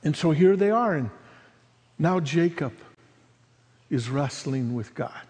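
A man preaching a sermon, retelling a story as he voices its figures and swings between loud and hushed passages. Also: on the high side, expressive, slow, in a large hall. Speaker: pastor.

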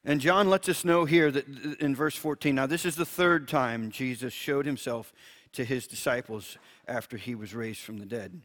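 Male preacher with a mid-range voice, gentle, reads scripture aloud and laughs softly. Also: mid-range voice, normal speed. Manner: gentle, chuckles often, repeats words when restarting. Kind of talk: Bible teaching, reading scripture aloud.

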